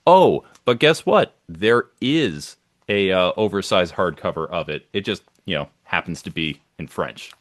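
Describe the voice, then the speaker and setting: A podcast co-host with a low-sitting, animated voice talks a little slowly in a casual chat. He's enthusiastic and rambling, packing in plenty of ums and uhs, and the studio-quality audio has no echo.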